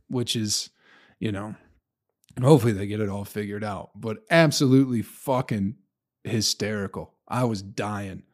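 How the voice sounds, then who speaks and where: A man's voice: fairly low pitch, moderate pace. A man, a stand-up comedian, talking in a loose, profane monologue and laughing at his own stories. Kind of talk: casual solo podcast monologue.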